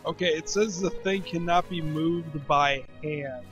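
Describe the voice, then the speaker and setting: A man's voice: fairly high pitch, unhurried, a bit bright, soft background music. A man in casual let's-play chat, rambling and jokey as he plays. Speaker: game player and channel host.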